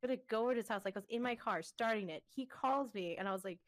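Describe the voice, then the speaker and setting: Talking fast in a fairly high voice, this woman co-hosts a podcast and spins lively stories. She laughs a lot and performs the quotes she recounts.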